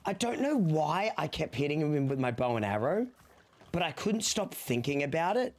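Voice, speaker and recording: A man's voice: on the high side, very animated, normal speed. A young man streaming a game, out of breath, rambling and joking as he talks to his chat. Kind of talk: casual gaming stream chat.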